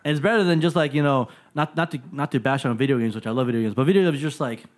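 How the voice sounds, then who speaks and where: A man's voice: mid-range voice, racing. A man hosting a board game podcast, talking eagerly in casual chat and often repeating "yeah.". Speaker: podcast host.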